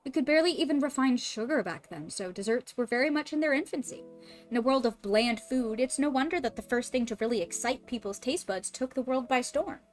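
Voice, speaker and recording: A woman voicing a composed, refined female chef in a put-on French accent, low and measured. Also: expressive, soft background music.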